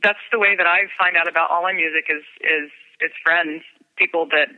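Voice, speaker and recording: A woman's voice: fairly low pitch, fairly even intonation, a little fast, narrow, tinny audio. A woman musician talking in a casual interview, earnest and self-mocking, with lots of hesitations. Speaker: musician guest.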